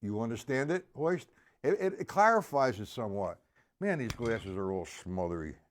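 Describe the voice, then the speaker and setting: A man teaching drums on a live stream, counting the beats out loud and making gruff, cussing asides to his viewers. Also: medium pitch, animated, moderate pace, a little hiss or hum. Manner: counts beats aloud loudly, gruff asides and mild swearing. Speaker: drum teacher. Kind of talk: live-streamed drum lesson.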